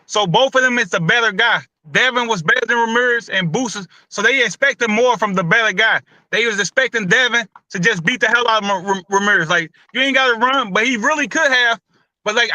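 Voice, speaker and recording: Man, very high pitch, bright tense tone, casual boxing chat, slangy, opinionated. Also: no echo, low-quality recording. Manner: loose, repetitive, slangy and opinionated. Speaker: boxing podcast host.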